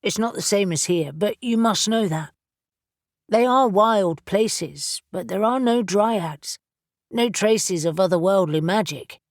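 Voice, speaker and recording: A wary, suspicious young winged man, voiced by a woman narrator in an audiobook. He speaks bluntly and slowly, with an undertone of unease. The recording is dry and close. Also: medium pitch, dry recording. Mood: uneasy.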